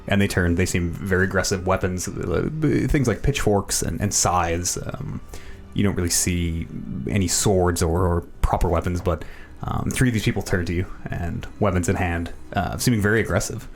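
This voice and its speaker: A man's voice: low voice, moderate pace, soft background music. A man narrating as dungeon master, with many ums and restarts. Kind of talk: narrating a tabletop game.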